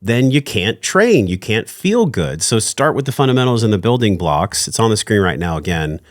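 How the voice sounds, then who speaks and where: Male podcast host, low voice, earnest and heartfelt, dry close mic. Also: sing-song, normal speed, dry recording. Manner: earnest, heartfelt, effusive thanks. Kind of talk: casual interview chat.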